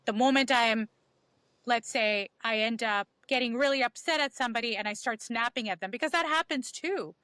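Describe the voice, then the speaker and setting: A woman's voice: a little high, brisk, bright, forceful tone, no echo. A woman talking as a podcast guest, giving emphatic advice that repeats key phrases and acts out inner dialogue. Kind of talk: animated conversational advice.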